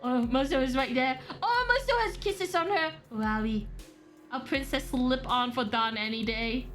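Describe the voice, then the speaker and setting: Bright, excitable young woman streamer. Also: high-pitched, moderate pace, faint music behind. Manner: excitable, shrieking laughter, swearing. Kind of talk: reactive gameplay commentary.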